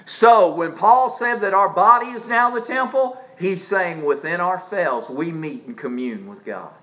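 A man preaching a sermon as pastor, swinging from quiet low asides up to emphatic high peaks, often restarting his phrases. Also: expressive, measured pace, poor audio. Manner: repeats words and restarts phrases while speaking.

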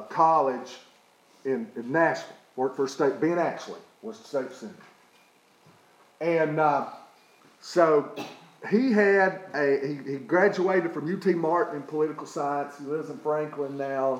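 A man's voice: on the high side, roomy sound, poor audio. A man from East Tennessee, preaching a sermon in a folksy way and often checking in with the listeners. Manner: folksy, often asks "okay?". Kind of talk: sermon with a personal story.

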